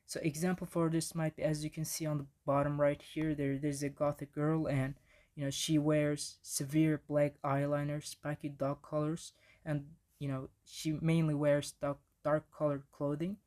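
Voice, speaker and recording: A man's voice: fairly high pitch, flat delivery, normal speed, a little mellow. A man giving a casual slide presentation on language in the classroom, with frequent restarts and fillers.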